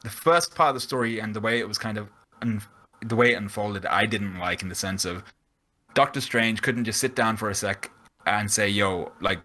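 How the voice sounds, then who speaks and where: Lively man on a podcast. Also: fairly low pitch, moderate pace, rough recording. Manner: animated, acts out characters in quotes. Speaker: podcast host. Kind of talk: casual chat.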